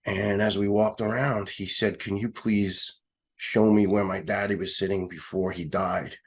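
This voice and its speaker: A middle-aged man with a New York accent, a retired fire lieutenant telling a personal story in an interview, halting and emotional with many restarts. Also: lowish voice, level tone. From United States.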